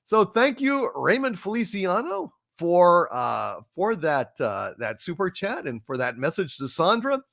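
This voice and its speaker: Animated, high-pitched male livestream host. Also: unhurried, vocal fry, few pauses, no room sound, studio quality. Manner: animated, jokey, shouting greetings with big pitch jumps. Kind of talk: casual livestream chat reading super chats.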